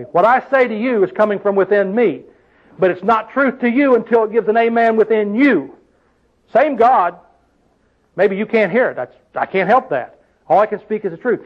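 A man preaches a sermon with a high, fervent voice. He punctuates his points with exclamations. The church recording sounds dull and lo-fi. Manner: preacherly, call-and-response exclamations. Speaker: pastor. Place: church hall.

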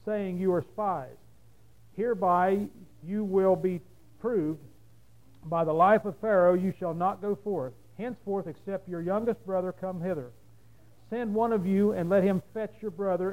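Mellow-voiced male preacher reading scripture. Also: high-pitched, poor audio. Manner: reads aloud steadily, then explains in plain talk.

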